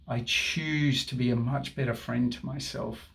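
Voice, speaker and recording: A man's voice: mid-range voice, fairly even intonation, measured pace, creaky, few pauses, a bit bright. A man guiding viewers through a tapping session, speaking affirmations for them to repeat. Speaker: tapping guide.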